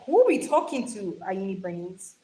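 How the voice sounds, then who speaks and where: Speaking into the phone she holds, a young woman reads comments on her casual livestream, laughing frequently and calling her viewers darling. Her medium-pitched voice is very animated and dark in tone, at a moderate pace, though the audio quality is poor.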